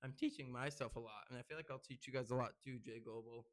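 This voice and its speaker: A young podcast host speaks at a quick pace, with no echo, chatting casually by himself. He rambles through his stories with lots of fillers, and his voice gets louder and higher when he's excited.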